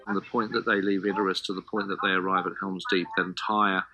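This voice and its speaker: A man's voice: low voice, level tone, fast talker, bright, forceful tone, soft background music, rough recording. A man being interviewed for a documentary, recalling moments from a film shoot. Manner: anecdotal, conversational storytelling. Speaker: filmmaker interviewee.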